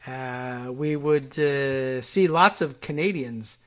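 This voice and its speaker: A man's voice: medium pitch, takes it slowly. A man hosting a radio talk show, reading news items aloud and breaking off into dry, sarcastic asides with frequent fillers and restarts.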